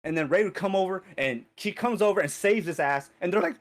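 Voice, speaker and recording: A man co-hosting a podcast, ranting in animated casual chat with heavy swearing. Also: high-pitched, quick pace, hardly any pauses. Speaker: podcast co-host.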